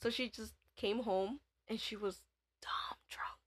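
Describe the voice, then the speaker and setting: A woman's voice: on the high side, fairly even intonation, unhurried, a bit bright. A young woman co-hosting a casual chat, telling family stories with lots of giggling and acted-out quotes. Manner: giggly storyteller, quoting family in voices, lots of "like". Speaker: podcast co-host.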